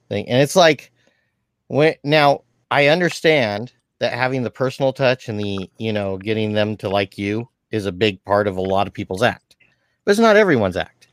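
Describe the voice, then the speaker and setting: A man's voice: mid-range voice, no room sound. Laid-back man, dry close sound. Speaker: aspiring comedian. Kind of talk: casual chat.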